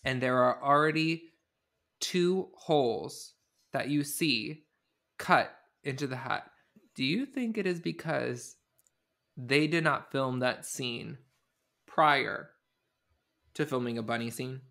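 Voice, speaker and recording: Bright-voiced, sarcastic male podcast host. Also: mid-range voice, slow pace, gravelly, pauses often. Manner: animated, sarcastic storytelling. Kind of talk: casual comedic chat.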